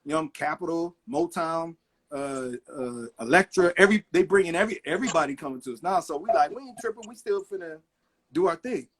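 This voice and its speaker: A man's voice: a little high, brisk, breathy edge. A middle-aged man, a record producer, telling stories in a casual interview and acting out the people he quotes. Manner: animated storyteller acting out quotes.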